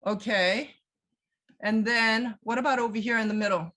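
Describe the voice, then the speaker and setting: A woman leading a live virtual museum tour over a video call, animated and questioning her audience, reading their answers aloud. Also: a little high, normal speed.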